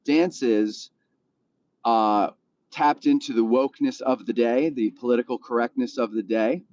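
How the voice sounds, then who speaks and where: A man's voice: mid-range voice, measured pace, a little mellow, highs cut off. A man hosting a live stream from a car, with an easygoing, rambling manner, talking straight to viewers and answering their comments in his morning voice. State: still has his morning voice.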